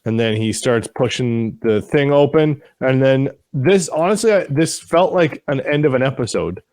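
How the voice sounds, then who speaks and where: A man's voice: mid-range voice, moderate pace, a little mellow, no room sound, studio quality. A man co-hosting a casual show recap, retelling scenes with mocking voices and casual swearing. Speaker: podcast co-host.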